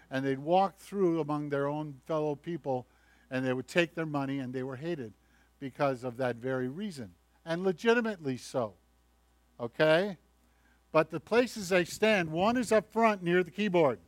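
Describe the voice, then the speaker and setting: A male pastor giving a conversational sermon, telling the story in a lively way with acted voices. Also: fairly high pitch, normal speed, no room sound. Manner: conversational, animated storytelling preacher who acts out voices.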